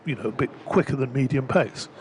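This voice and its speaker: Chatty cricket commentator. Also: male voice, mid-range voice, fairly quick, slight background noise. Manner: chatty, rambling with frequent fillers. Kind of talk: live ball-by-ball commentary. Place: commentary gazebo at a cricket ground.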